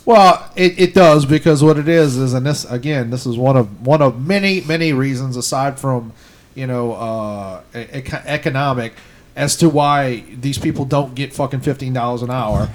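A man's voice: mid-range voice, moderate pace. Emphatic ranting man, casual chat.

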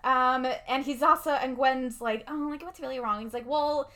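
A woman's voice: sits high, steady tone, fairly bright tone. A young woman in casual chat, co-hosting and recapping a film plot, laughing often and using lots of fillers. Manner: laughs often, quick reactions, many fillers. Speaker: podcast co-host recapping a film.

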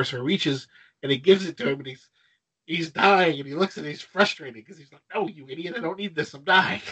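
A man's voice: medium pitch, fairly bright tone, husky, poor audio. A man co-hosting a casual film podcast, retelling favorite scenes enthusiastically, with frequent restarts. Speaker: podcast co-host. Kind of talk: casual film-discussion chat.

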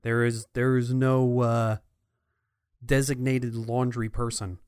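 A man's voice: medium pitch, level tone, slow, a little mellow, clean tone, dry recording, studio quality. A man co-hosting a podcast in casual chat, easygoing and chuckling, with playful voices for quotes. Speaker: podcast co-host.

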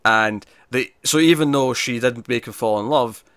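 A man co-hosting a podcast, chatting casually about a TV episode in an animated, rambling way and breaking into quick impressions. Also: mid-range voice, clear, resonant tone, no room sound, studio quality. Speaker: podcast co-host. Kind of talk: casual chat reviewing a TV episode.

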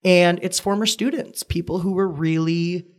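Young man, twenties, guest; earnest, measured, reflective delivery. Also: sits high, steady tone. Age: 20s. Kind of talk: candid personal conversation.

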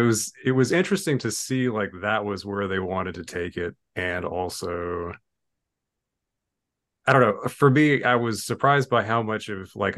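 A man with a slightly low voice leads a loose, casual movie discussion. He rambles along with plenty of fillers and slips into quoting characters as he talks. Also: fairly bright tone. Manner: rambling, full of fillers and acted-out quotes. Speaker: podcast host.

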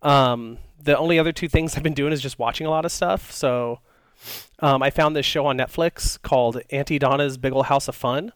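Smooth-voiced man in casual chat. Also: mid-range voice, normal speed, no echo. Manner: rambling, many fillers and restarts. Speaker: podcast co-host.

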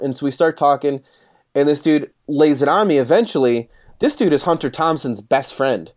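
A fairly high-pitched man in his thirties talks a little fast as he shares a raucous story among friends. His telling is profane and animated, with the quotes of others acted out.

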